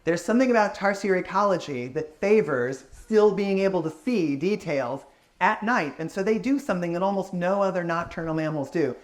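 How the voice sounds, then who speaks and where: A man's voice: sits high, moderate pace. A man giving a public science talk, answering audience questions in an enthusiastic, explanatory way.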